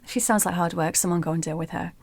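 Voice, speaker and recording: A woman's voice: on the low side, steady tone, fast talker, no echo. A woman voicing arrogant male demon kings, offhand and petulant in tone. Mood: dismissive.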